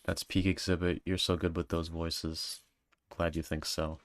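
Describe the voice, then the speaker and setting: A man's voice: low voice, level tone, measured pace, dry recording, clean studio sound. A man streaming and reading viewer comments in a joking, self-mocking casual chat.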